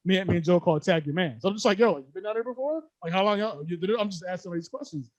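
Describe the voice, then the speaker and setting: Young guy rambling a story on a podcast, high voice, quick and slangy, laughs a lot. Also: dry recording. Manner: animated, slangy, laughs often. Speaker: podcast co-host. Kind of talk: casual storytelling chat.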